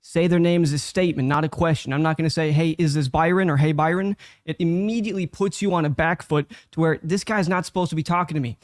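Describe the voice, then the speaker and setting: Direct man judging, slightly high voice. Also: fairly even intonation, fast talker, few pauses, no echo, clean studio sound. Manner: direct, instructive. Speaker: judge. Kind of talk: critique.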